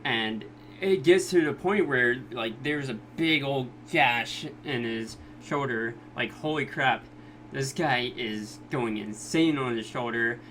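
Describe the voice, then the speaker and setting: A man's voice: medium pitch, slow pace, a bit bright, slight background noise. A man casually recapping an anime episode as a reviewer, laid-back and chuckling. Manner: laid-back, chuckling, slips into exaggerated quoted voices.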